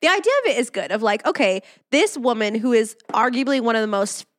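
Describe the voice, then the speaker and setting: Woman, podcast co-host, lively pitch, fairly high voice, emphatic gushing chat. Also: quick pace. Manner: gushing, emphatic, says "literally" often. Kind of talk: casual chat.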